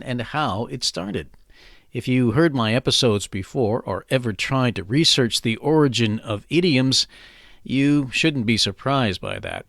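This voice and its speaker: A man's voice: mid-range voice, fairly bright tone, no echo, studio quality. A man hosting a scripted educational podcast, explaining phrases in a playful, jokey way. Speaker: podcast host.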